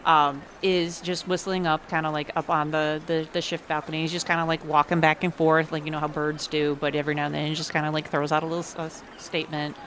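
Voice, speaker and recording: A woman's voice: sits low, level tone, fast talker, few pauses, a bit bright, slight background noise. A woman narrating a tabletop game as game master, hesitant, with many fillers.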